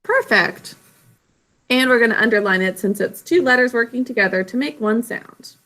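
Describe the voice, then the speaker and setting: Over a video call, a woman teaches an online reading lesson, sounding out words slowly and clearly one syllable at a time. Her voice is fairly high, bright, and forceful.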